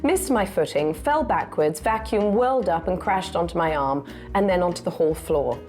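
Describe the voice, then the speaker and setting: A woman's voice: on the low side, expressive, moderate pace, a little mellow, soft background music. A woman reading a text message aloud, amused and laughing now and then as she reads.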